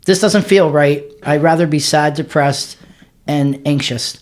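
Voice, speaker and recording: A man being interviewed as a guest, telling his story candidly with earnest emphasis and quick restarts. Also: a little high. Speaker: podcast guest, author.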